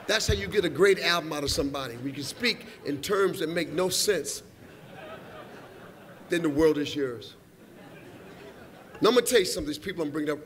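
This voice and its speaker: Middle-aged guy doing loose stand-up bits at an awards show, high voice, teasing the band, rambles all over. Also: brisk, pauses often, husky. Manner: playful, rambling, teasing the musicians directly. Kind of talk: comedic stand-up riffing from the stage. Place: large awards hall, live audience.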